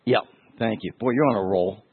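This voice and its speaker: A man's voice: lowish voice, brisk, husky, dry recording. A man, a pastor, giving a conversational, emotional sermon and telling stories straight to his listeners. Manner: emotional, storytelling, addresses listeners directly. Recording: tinny, phone-like dry sound.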